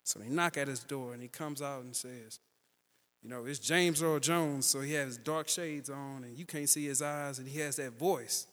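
A man preaching a sermon, telling a story in an animated way and building louder and higher toward the peaks. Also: normal speed, long reverb tail.

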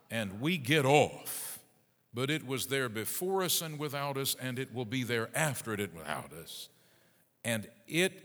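Middle-aged preacher guy, bright lively voice, big swings loud to hushed, long hall echo. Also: medium pitch. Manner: dramatic, wide swings between loud emphasis and hushed asides. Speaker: pastor. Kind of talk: sermon. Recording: long reverb of a large hall.

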